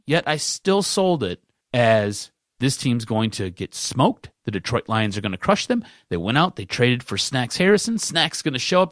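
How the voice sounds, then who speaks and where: A man's voice: mid-range voice, very animated, moderate pace, fairly bright tone, no echo, clean studio sound. A man hosting a sports podcast, ranting in casual talk and repeating himself for emphasis.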